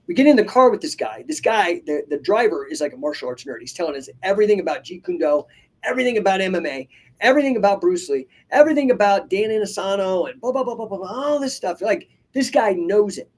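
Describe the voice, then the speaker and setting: Husky-voiced man telling stories energetically. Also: high-pitched. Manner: energetic storytelling with many asides and restarts; casual, swears freely. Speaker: podcast host and coach. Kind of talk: casual live podcast talk. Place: live stream.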